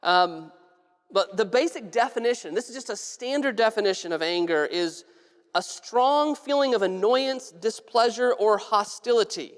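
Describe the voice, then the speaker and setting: Direction: preach like a relaxed pastor chatting with the congregation. Keep it casual, drop in a light joke now and then, restart a phrase when you need to, and let the words ring out in a big church with a long echo. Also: mid-range voice, normal speed. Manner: casual and humorous, with frequent restarts. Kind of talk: conversational sermon. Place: church sanctuary.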